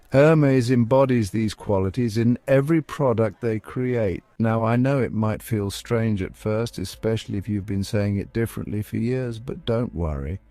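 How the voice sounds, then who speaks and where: A man giving scripted, upbeat narration as a pronunciation guide, coaxing the listener and slowing down to spell out each word. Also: mid-range voice, dark tone, no room sound.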